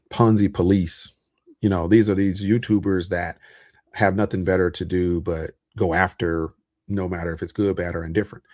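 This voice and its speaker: A man's voice: deep voice, darkish tone, no room sound, clean studio sound. A man hosting a casual livestream about investments, loose and chatty with lots of fillers and frequent chuckles. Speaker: online host talking about investments.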